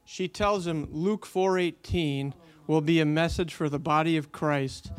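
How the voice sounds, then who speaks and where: A man's voice: a little high, steady tone, measured pace, clean tone. A man telling a long faith story in casual conversation, animating the quotes he tells, with many fillers.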